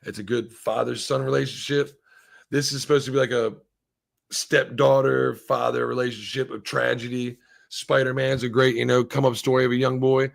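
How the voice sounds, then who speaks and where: A man's voice: mid-range voice, little pitch movement, normal speed, creaky. A man co-hosting a live stream, ranting casually with lots of swearing and restarts. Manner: profane, rambling rant with many restarts. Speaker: stream co-host.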